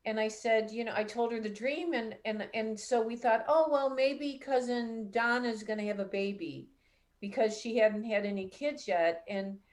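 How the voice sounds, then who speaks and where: A middle-aged woman hosting a live call-in show as a psychic medium, telling a personal story in a chatty, animated way. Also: a little high, moderate pace. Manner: chatty, animated when retelling dialogue.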